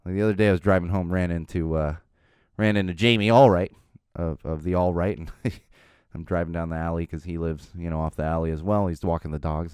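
A man's voice: low voice, fairly even intonation, fast, a little mellow, clear, resonant tone, no room sound, clean studio sound. A man hosting a podcast in a casual, joking chat about parenting and his week. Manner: chatty, joking, self-deprecating asides. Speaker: podcast host.

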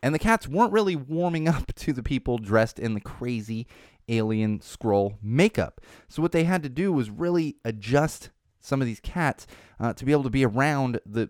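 A man's voice: medium pitch, expressive, normal speed, a little mellow, no room sound. A man hosting a casual entertainment news chat in a studio, rambling and correcting himself, with sarcastic asides. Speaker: podcast host. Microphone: studio microphone.

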